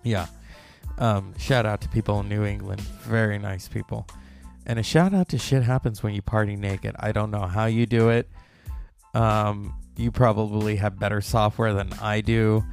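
A man's voice: on the low side, little pitch movement, normal speed, creaky, a little mellow, soft background music. A man hosting a casual solo podcast, rambling and gossipy, recorded close to the mic at home. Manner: rambling, gossipy, puts on mocking voices for quotes. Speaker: podcast host. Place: indoors at home. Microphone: mic close to the mouth.

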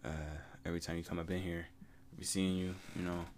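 A man's voice: low voice, flat delivery, fast talker, background noise. A young man hosting a solo podcast, telling stories in laid-back, slang-heavy casual chat and laughing often. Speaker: podcast host.

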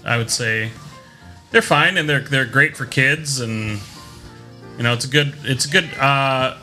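A man's voice: medium pitch, unhurried, sharp tone, faint music behind. A man in his thirties chatting casually on a podcast, with wry jokes and asides. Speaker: podcast co-host. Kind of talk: casual chat.

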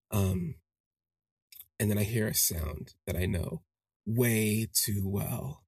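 A man hosting a podcast, telling a personal story in a casual monologue and acting out the people in it with big jumps in pitch. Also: slightly rough, no room sound, studio quality. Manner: animated, acts out quoted voices with big pitch jumps. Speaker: podcast host.

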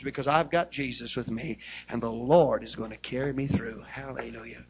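A man preaching a fervent sermon, rising to loud hallelujahs. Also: medium pitch, expressive, normal speed, few pauses, lo-fi sound. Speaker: pastor. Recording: old 1970s live sermon tape.

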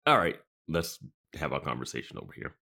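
A man's voice: rumbling low, very animated, brisk, bright, forceful tone. A man co-hosting a TV recap podcast in casual chat, reflecting thoughtfully with many fillers like "like" and "you know". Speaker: podcast co-host.

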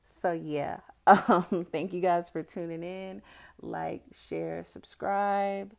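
Brash young woman host, casual storytelling, gravelly fry throughout. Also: lowish voice, fairly even intonation, slow pace. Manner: blunt, profane and boastful. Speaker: podcast host.

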